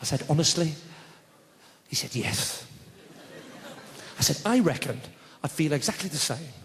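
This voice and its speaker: A man doing stand-up comedy, telling deadpan stories with sudden shouted outbursts on a theatre stage. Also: on the high side, unhurried. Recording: live stage mic in a big hall with loud audience noise.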